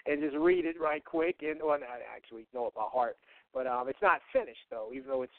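A man's voice: on the high side, normal speed, dry recording. A man co-hosting a talk radio show, rambling through plugs with lots of fillers, chuckles and restarts. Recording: tinny phone-line sound.

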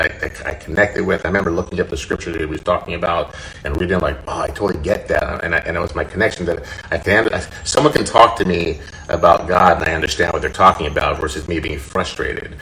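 A deep-voiced man with a gravelly edge tells a heartfelt personal story in an earnest, halting manner, restarting phrases and repeating words. Faint hiss sits under his voice. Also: pushed and bright, low-quality recording. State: choked up, tearful. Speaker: podcast host.

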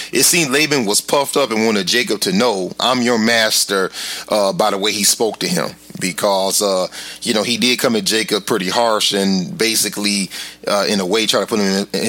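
Bright-voiced man teaching a Bible lesson. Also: fairly low pitch. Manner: casual explaining with many fillers, slows to read scripture aloud.

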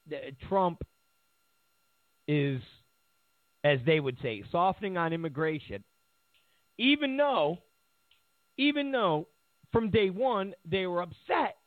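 A man's voice: sits high, very animated, measured pace, pauses often, no room sound. A man hosting casual political commentary who mocks his opponents, repeats his points and laughs at his own remarks. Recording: tinny phone-like audio.

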